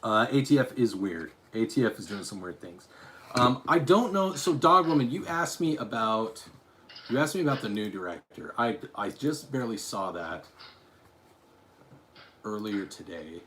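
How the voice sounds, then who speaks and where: A man's voice: fairly low pitch, animated, moderate pace, fairly bright tone, a little hiss or hum. A man from Utah chatting on a live stream, reading his chat aloud and rambling through restarts and asides. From Utah, USA.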